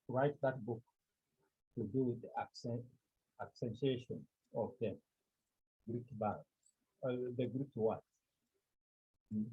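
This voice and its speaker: Slow, deliberate Cameroonian man teaching over a tinny line. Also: mid-range voice, breathy edge. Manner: slow, deliberate, repeats key points and checks with "Okay?". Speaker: Greek teacher. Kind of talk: classroom lecture.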